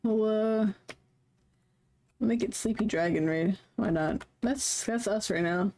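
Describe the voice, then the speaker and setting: A woman's voice: medium pitch, a little slow, darkish tone. A woman streamer chatting casually, rambling and playful, poking fun at herself. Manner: rambling, playful, self-mocking.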